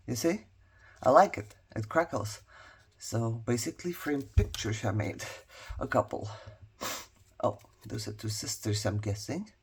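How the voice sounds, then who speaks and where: Woman, husky voice, casual crafting vlog, rambling, laughs a lot. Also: a bass voice. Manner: chatty, rambling, laughs often, many restarts. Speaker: crafting vlogger. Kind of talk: casual show-and-tell chat.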